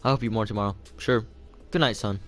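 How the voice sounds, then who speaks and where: A man's voice: lowish voice, steady tone, fast talker, faint music behind. A man reading a novel aloud for homework, casual and loose, stopping to add his own comments. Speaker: reader of a novel.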